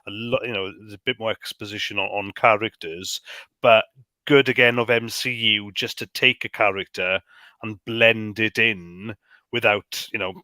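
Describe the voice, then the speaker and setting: Co-host, male, halting casual talker, low and bright, dry close mic. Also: steady tone, dry recording. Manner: halting, repeats words often. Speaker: podcast co-host. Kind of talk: casual chat.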